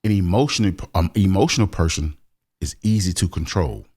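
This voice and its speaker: A man's voice: low-pitched, brisk, darkish tone, breathy edge. A middle-aged man co-hosting a podcast, talking emphatically and expressively in casual chat. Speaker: podcast co-host.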